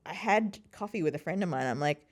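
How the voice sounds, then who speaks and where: Woman, 30s, podcast guest; low-ish voice with lively pitch swings, chatty animated storyteller. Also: fairly quick. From Sri Lankan family. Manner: animated, acts out quoted voices, laughs often. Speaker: podcast host and interview guest. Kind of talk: casual conversational storytelling.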